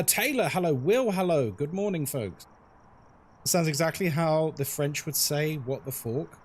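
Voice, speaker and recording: A man streaming a horror game, chatting casually, greeting viewers and laughing often. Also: fairly high pitch. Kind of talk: casual live-stream chat.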